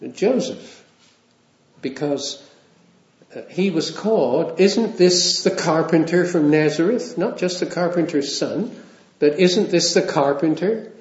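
A man's voice: mid-range voice, a little mellow. A man preaching a sermon in a conversational way, with wry asides and small chuckles. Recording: roomy, dull lo-fi sound.

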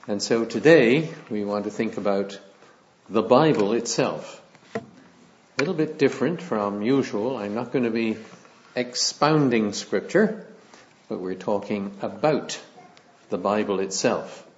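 A middle-aged man preaching a sermon in a measured way, with frequent hesitant fillers. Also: fairly low pitch, a little hiss or hum. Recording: slightly dull, lo-fi recording.

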